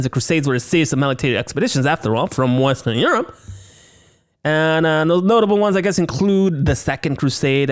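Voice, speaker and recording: A man hosting a solo horror movie review podcast, playful and chatty, joking with himself between explanations. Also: fairly high pitch. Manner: playful, lively, slips into silly voices and banter with himself. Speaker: podcast host.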